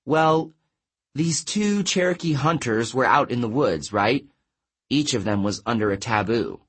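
A man voicing an earnest, gentle teenage girl, using a softer, raised voice. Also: medium pitch, lively intonation, a little slow, husky. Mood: storytelling.

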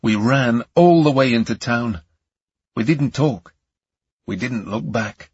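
A man's voice: mid-range voice, takes it slowly, darkish tone, slightly rough, no echo, highs cut off. A man reading a thriller audiobook aloud in a tense, gripping narration.

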